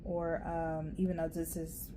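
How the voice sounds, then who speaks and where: A woman giving a casual, rambling tarot reading, chatty and quick to laugh. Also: deep voice, flat delivery, background noise. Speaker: tarot reader.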